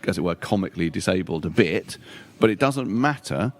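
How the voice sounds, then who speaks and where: A man's voice: sits low, expressive, brisk. A middle-aged man chatting as a podcast guest, rambling with restarts and casual swearing. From London. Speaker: guest comedian. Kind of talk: casual chat.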